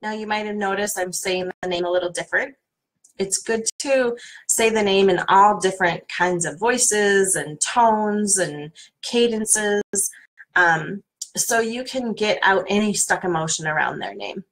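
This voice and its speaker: A middle-aged woman coach leading a guided tapping workshop in a calm, soothing manner. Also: mid-range voice, measured pace, poor audio. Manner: calm, soothing guidance with playful repeated names.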